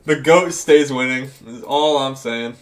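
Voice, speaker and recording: A man's voice: medium pitch, measured pace. A man hosting a casual podcast chat, joking and laughing often. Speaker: podcast host.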